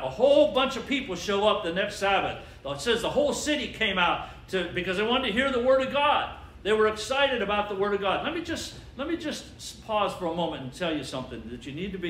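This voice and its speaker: Pastor, man, high voice, emphatic call-and-response preaching, roomy church sound. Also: fairly bright tone, slight background noise. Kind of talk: sermon. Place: church sanctuary. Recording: echoey church with faint ambience.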